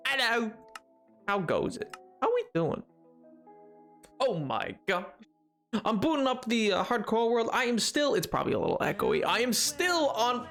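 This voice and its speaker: A streamer hosting a casual livestream, tossing out sing-song hellos and reading viewers' messages aloud. The pitch leaps all over, highly animated. Faint music plays quietly behind the voice. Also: normal speed. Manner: playful, sing-song greetings, reads chat aloud; frequent laughs and mock exclamations. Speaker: livestream host. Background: faint music playlist.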